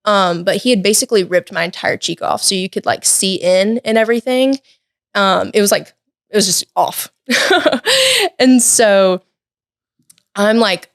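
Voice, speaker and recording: A late-teen woman, a guest in a podcast studio, tells a personal story in a lively, chatty way with plenty of "like" and "um." Her mid-range voice comes at a measured pace, with studio-quality sound and no room noise.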